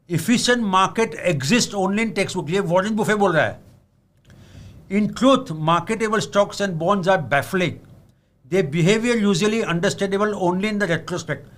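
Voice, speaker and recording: A man's voice: high voice, lively intonation, a little fast. A man with an Indian accent giving an earnest talk on investing, mixing English and Hindi and often asking "am I right?". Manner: switches between English and Hindi. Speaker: investment speaker.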